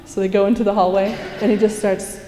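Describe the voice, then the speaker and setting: Young woman giving a talk in a big echoey hall, mellow voice, acts out stories and laughs a lot. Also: medium pitch, fast talker, slight background noise. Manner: animated storytelling, acts out quotes, laughs often. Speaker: conference speaker. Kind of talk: inspirational talk to a live audience. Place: large conference hall. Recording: echoey hall, heard from a distance.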